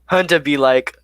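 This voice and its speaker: A man's voice: on the high side, dry recording. Young man chatting casually on a live stream. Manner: reads chat questions aloud, relaxed and chatty with many fillers. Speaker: live stream host answering viewer chat.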